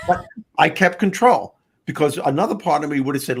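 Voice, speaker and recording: A middle-aged man, hosting a talk show and telling a personal story in an animated, conversational way. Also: fairly high pitch, a little fast, slightly rough. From Long Island, New York. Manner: animated, conversational, repeats words. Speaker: host.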